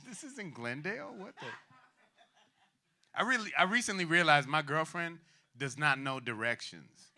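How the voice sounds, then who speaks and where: Bright-voiced laughing comedy host. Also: male voice, on the high side, expressive, measured pace, pauses often. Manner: loose, laughing, hyping the crowd. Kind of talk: stand-up crowd work.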